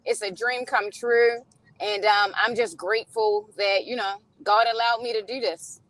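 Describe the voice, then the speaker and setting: A woman in her thirties with a Baltimore accent talks in an upbeat, laughing way, dotted with "um"s. Her voice sits a bit high. She calls in by phone from her car, and the sound is dry and close. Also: little pitch movement, normal speed, fairly bright tone, no room sound. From Baltimore, Maryland. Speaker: singer calling in. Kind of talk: casual call-in chat. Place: in a car, driving.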